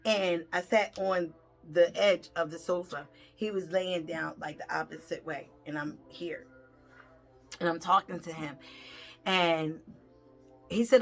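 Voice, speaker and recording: A woman telling a personal story in a blunt, heavily profane way, animated and acting out the people in it. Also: fairly low pitch, unhurried, soft background music. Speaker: tarot reader and vlogger.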